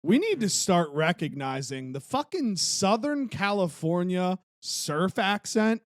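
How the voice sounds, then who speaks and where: A young man co-hosting a casual sports podcast, blunt and swearing in quick outbursts. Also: high voice, very animated, dry recording, studio quality. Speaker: podcast co-host.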